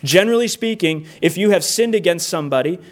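A middle-aged man delivers a sermon in an earnest, plainspoken way. His voice sits a bit higher than most men's. He presses points with rhetorical questions. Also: animated, quick pace. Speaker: pastor.

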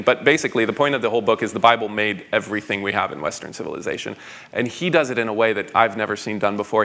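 A man's voice: lowish voice, fairly bright tone. Eager, rambling man. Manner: eager, rambling, frequent stammered restarts. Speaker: pastor. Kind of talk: conference Q&A answer.

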